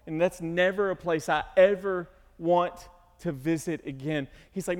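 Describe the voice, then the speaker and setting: A man's voice: high-pitched, a little slow, hardly any pauses, long reverb tail. A man preaching a sermon as pastor, speaking earnestly and emotionally, at times rising into pleading cries.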